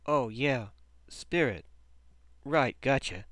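A man's voice: mid-range voice, lively intonation, takes it slowly, a bit bright, no room sound. A man reading a story, voicing a teenage boy who sounds anxious and unsure. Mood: uneasy. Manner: anxious, hesitant. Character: frightened, confused teenage boy.

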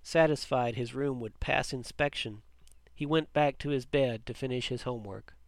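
A man narrating a story with a measured, even reading. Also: medium pitch, dry recording.

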